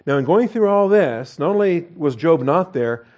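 Wry, animated male pastor preaching. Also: fairly high pitch, normal speed, lo-fi sound. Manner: wry, animated, self-mocking asides. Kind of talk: sermon. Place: church pulpit.

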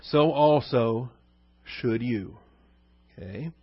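A man's voice: medium pitch, drawn-out words, breathy edge, no echo, muffled recording. A male pastor giving a conversational verse-by-verse sermon, asking his listeners questions and answering them himself, with many fillers.

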